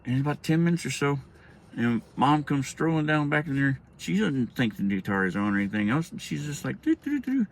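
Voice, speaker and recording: A man's voice: medium pitch, a little fast, vocal fry. A middle-aged man telling a childhood story in a casual, rambling, profane way with many restarts.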